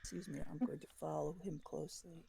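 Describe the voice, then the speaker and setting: Gravelly low-voiced woman playing a tabletop game. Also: steady tone, fast, noisy background. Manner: hesitant, with fillers and restarts. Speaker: player.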